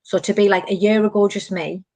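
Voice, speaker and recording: A woman's voice: mid-range voice, fairly quick, no echo. A woman, telling stories animatedly in casual chat as podcast host. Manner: animated storytelling, many fillers.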